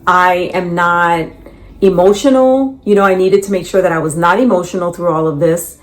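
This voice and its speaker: A middle-aged woman telling the story of her layoff, with lively quotes of what others said. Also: lowish voice, moderate pace. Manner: animated, quotes others in dialogue. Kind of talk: storytelling in a reacted clip.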